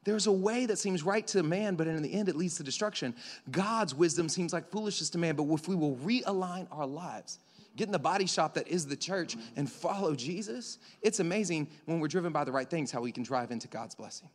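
Young male pastor, sermon, fairly high voice, animated delivery, long church reverb. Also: a little fast. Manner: animated, swinging from loud excited bursts to quiet intimate delivery. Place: church sanctuary.

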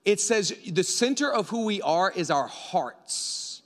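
A man preaching a sermon into a microphone, animated and breaking into yelling at times. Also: high-pitched, slow. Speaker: pastor. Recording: reverberant hall.

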